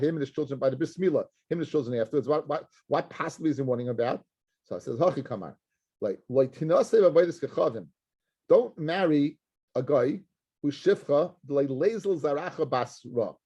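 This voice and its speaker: A middle-aged rabbi walks his students through a Talmud page, his voice pitched a little high and slightly husky. He talks animatedly, mixing English with Hebrew and Aramaic terms. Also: warm tone, lo-fi sound. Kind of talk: Talmud class lecture.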